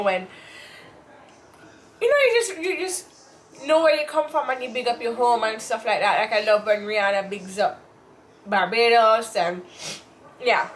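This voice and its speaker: A woman's voice: medium pitch, fairly bright tone, a little hiss or hum. A woman from Jamaica with a Jamaican accent, co-hosting a casual chat and rambling with fillers and restarts. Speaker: co-host.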